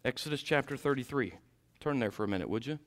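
A man preaching a sermon in a warm church, dropping to quiet asides and rising to loud climaxes. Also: lively intonation, fast. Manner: swings from low asides to shouted climaxes.

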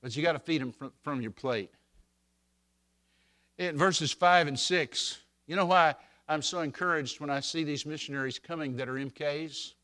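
Folksy older man preaching, bright voice. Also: a little high, moderate pace. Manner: folksy storytelling, swells loud on scripture quotes. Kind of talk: sermon.

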